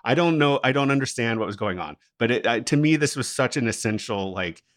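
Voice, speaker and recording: A man co-hosting a podcast tells a story in casual chat, animated and laughing often. His voice sits at a middle pitch. The sound is dry and close. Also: a little fast, no echo. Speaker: podcast co-host.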